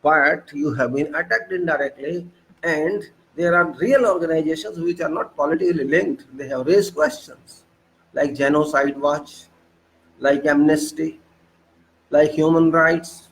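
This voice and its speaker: A man's voice: on the high side, unhurried, a little hiss or hum, rough recording. A man with an Indian English accent delivering an indignant political monologue, firing off rhetorical questions and repeating himself for emphasis. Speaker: political commentator. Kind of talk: monologue commentary.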